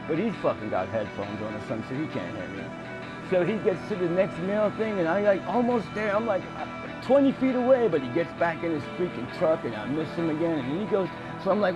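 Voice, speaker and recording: With a fairly high, expressive voice at normal speed, this gaming streamer narrates a rambling tall tale over gameplay for laughs. It's profane and full of fillers, he acts out scenes loudly, and game music plays underneath.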